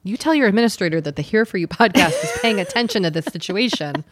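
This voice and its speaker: A woman's voice: mid-range voice, animated, fast. A woman co-hosting a casual advice podcast, empathetic and playful. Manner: warm, empathetic, joking. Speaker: podcast co-host.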